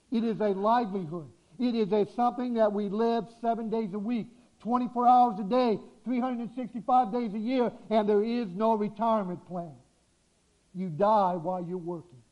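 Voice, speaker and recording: A man preaching a sermon to his congregation, exhorting and repeating key phrases, slowing down to stress his points. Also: high-pitched, mellow. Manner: exhorting, repetitive, slows for emphasis. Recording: dull lo-fi recording.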